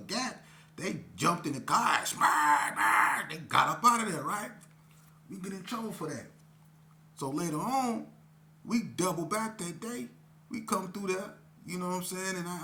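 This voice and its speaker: A middle-aged man from Las Vegas tells his own story in casual street talk, earnest and rambling. His voice is bright and forceful, and a faint hum sits under it. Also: sits high. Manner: earnest, rambling, drops "you know what I'm saying" often. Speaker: host telling his life story.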